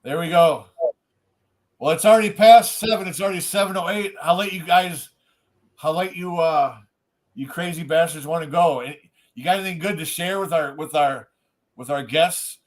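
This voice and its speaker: A man with a high voice hosts a live stream over a video call. He jokes loosely with his guests and often trips over his own words. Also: normal speed. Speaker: host of a live music talk stream. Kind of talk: casual live stream chat.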